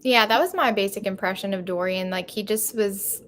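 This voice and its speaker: A woman talking casually in a live book discussion, wry and relaxed. A faint room noise sits under her voice. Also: mid-range voice, normal speed.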